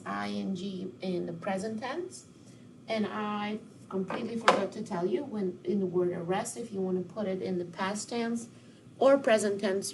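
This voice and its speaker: A woman teacher giving a recorded phonics lesson, modeling words slowly with call-and-response prompts. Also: medium pitch, gravelly, a little hiss or hum, rough recording.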